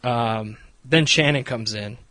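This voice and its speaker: Casual male recapper, mid-pitched, rambling and profane, dry close sound. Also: slow pace, pushed and bright, no echo. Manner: rambling, profane, laughs often. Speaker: reality show recapper.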